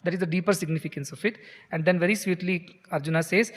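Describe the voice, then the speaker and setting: A spiritual teacher gives a scripture discourse, chanting verses and then explaining them earnestly. His voice sits a little high for a man. The long reverb of a lecture hall trails after each phrase. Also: quick pace.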